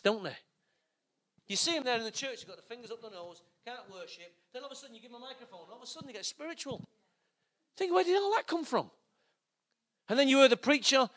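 Male preacher with a notably high, bright voice; casual, joking delivery that talks straight to the congregation. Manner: conversational, joking preaching with asides to the audience. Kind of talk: sermon.

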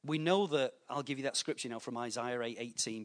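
A man's voice: mid-range voice, fairly quick. A man preaching a sermon to a church, telling anecdotes and acting out the voices in them. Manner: storytelling with lively voiced anecdotes. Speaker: pastor.

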